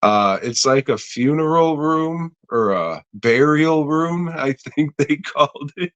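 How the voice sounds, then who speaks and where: Slow, profane man recapping a movie. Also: fairly high pitch, animated, a bit bright, muffled recording. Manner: profane, laughing, slow rambling retelling. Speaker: podcast co-host.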